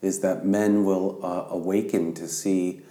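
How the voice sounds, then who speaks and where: A man's voice: low-pitched, level tone, unhurried, dark tone. A man, a ministry leader, telling a story in earnest on a podcast, his voice rising in intensity. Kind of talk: podcast conversation. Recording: roomy echo.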